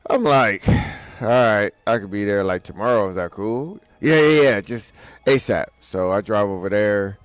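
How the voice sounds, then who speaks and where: A man's voice: lowish voice, moderate pace, clean tone, no room sound. A man co-hosting a radio show, telling a story in casual chat, laughing often and acting out the voices of the people in it. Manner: laughs through his story, acts out quoted dialogue.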